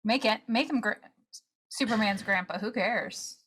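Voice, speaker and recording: A woman's voice: medium pitch, normal speed, fairly bright tone, husky. A woman co-hosting a podcast, talking casually and giving her opinions. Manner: opinionated, conversational. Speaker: podcast co-host. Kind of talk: casual chat.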